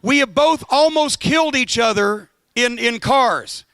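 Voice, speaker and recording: A man giving a profane, sardonic roast speech, telling a comic road story with building excitement. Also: extremely high pitch, measured pace, clear, resonant tone, dry recording. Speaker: roast guest of honor.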